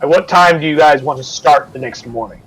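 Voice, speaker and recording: A man's voice: on the high side, brisk, a bit bright, breathy edge, low-quality recording. A man running a live-streamed tabletop game as game master, talking loosely with lots of fillers and the odd swear.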